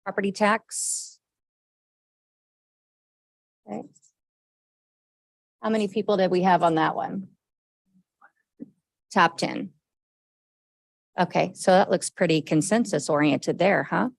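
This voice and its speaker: A woman facilitating a government budget meeting, brisk and encouraging, with frequent okays as she calls on each member. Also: lowish voice, creaky, no room sound, low-quality recording. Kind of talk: leading a group discussion.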